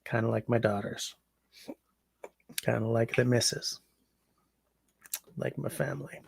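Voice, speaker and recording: A man from Canada in his forties hosts a casual livestream, tired and rambling, reading chat with plenty of ums. His mid-pitched voice has a gravelly grain. The sound is dry and close, with no room echo. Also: fairly even intonation, a little slow. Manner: rambling, chatty, yawning, frequent ums.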